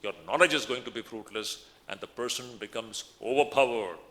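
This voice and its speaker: A man's voice: medium pitch, fairly quick, sharp tone, in a large hall. A middle-aged man, a monk giving a spiritual discourse, emphatic and repetitive, chanting Sanskrit verses. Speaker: monk lecturing on scripture. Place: lecture hall.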